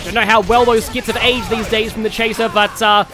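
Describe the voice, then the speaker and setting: Excitable Australian streamer, high voice. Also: male voice, a little fast. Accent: put-on broad Australian. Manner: rambling and excitable, shouting at the game. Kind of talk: excited gameplay commentary. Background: game music.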